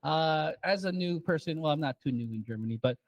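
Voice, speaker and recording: A man hosting a radio show, talking in a relaxed, chatty way. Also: a little high, a little fast, no echo, highs cut off. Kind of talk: casual chat.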